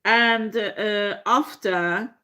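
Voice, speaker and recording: A woman giving a tarot reading, swearing freely, laughing often and filling pauses with ums and uhs. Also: mid-range voice. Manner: profane, laughing, animated storytelling with frequent fillers. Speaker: tarot reader.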